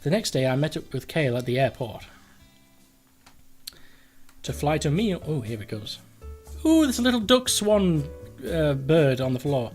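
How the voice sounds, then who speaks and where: Excitable swearing man playing a game. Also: on the high side, normal speed, pauses often, faint music behind. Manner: excitable, swearing, shouted outbursts. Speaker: game video host. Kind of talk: let's play commentary.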